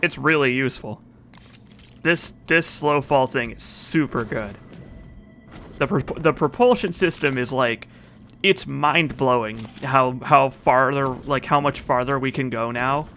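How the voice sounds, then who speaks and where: A man's voice: mid-range voice, unhurried, a bit bright, soft background music. A man streaming a video game, chatting casually and reading in-game notes aloud. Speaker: let's play streamer. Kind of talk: casual gameplay commentary.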